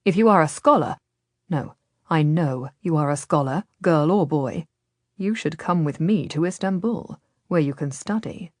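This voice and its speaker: A woman voicing a smooth, persuasive Ottoman nobleman who speaks quietly and gently in an audiobook. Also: low-pitched, lively intonation, unhurried, no echo. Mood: coaxing, ominous.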